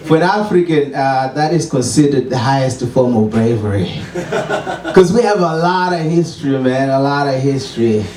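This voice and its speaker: A Zimbabwean-accented comedian does wry, self-deprecating stand-up at a small open mic, chuckling now and then at his own jokes. His medium-pitched, slightly mellow voice is animated and moderately paced, captured from some distance so it rings through the echoey room.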